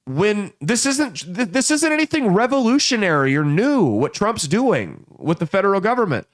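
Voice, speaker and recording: A man hosting a political commentary podcast, telling folksy stories and quickly voicing the people in them. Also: sits high, very animated. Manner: folksy storytelling with quick voices for people in the anecdotes. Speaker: podcast host.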